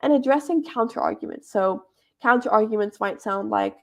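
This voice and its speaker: Running a debate club workshop, a young woman walks through how debates are judged, teaching in a casual, talkative way. Her voice is mid-range, moving at normal speed, with pitch that swoops wildly.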